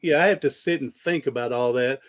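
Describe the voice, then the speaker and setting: A man's voice: mid-range voice, a little fast. A man hosting a podcast, telling rambling stories in casual conversation with frequent restarts. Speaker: podcast host.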